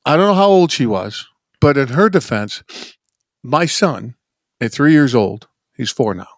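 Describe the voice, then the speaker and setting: A man's voice: mid-range voice, lively intonation, a little slow, dry recording, studio quality. A man hosting a casual podcast chat, joking and swearing as he tells stories. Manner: profane, joking, conversational. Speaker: podcast host.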